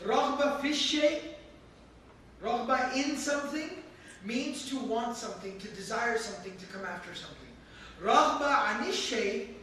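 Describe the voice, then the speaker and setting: High-voiced man lecturing in an echoey hall. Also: pushed and bright. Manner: emphatic, explains word by word, repeats for stress. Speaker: teacher explaining Quran verses. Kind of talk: religious lecture. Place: mosque hall. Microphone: handheld camera from across the room. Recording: echoey hall from far off, faint room noise.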